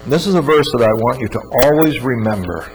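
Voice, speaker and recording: A man's voice: mid-range voice, expressive, fairly quick, a little mellow, low-quality recording. Earnest male speaker for a scripture teaching talk, emphatic and repetitive, slight background hum. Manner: earnest, emphatic, repeats words. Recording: faint mains hum.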